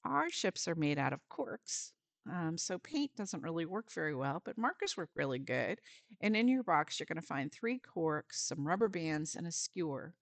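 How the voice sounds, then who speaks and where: A woman's voice: sits low, very animated, moderate pace, creaky, no echo. A woman volunteer giving a friendly step-by-step craft lesson for parents and children, with some fillers.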